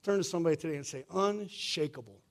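A man's voice: on the high side, moderate pace, darkish tone. A male pastor, preaching a sermon in a conversational way, often asking "right?" and calling the room "y'all".

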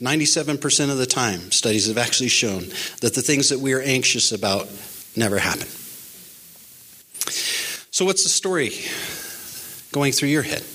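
A middle-aged man preaching a sermon and retelling a Bible story in an animated way, acting out the characters in higher voices. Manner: animated storytelling, voicing characters with pitch jumps. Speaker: pastor.

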